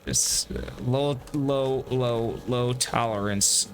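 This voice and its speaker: A man's voice: medium pitch, slow pace, slight background noise. A man giving casual gameplay commentary, rambling, swearing freely and poking fun at himself. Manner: profane, rambling and self-deprecating. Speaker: gameplay streamer.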